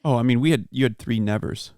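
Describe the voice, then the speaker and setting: A man's voice: mid-range voice, quick pace, dark tone, clear, resonant tone, no echo, clean studio sound. Man chiming in briefly. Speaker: podcast co-host. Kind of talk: casual podcast chat.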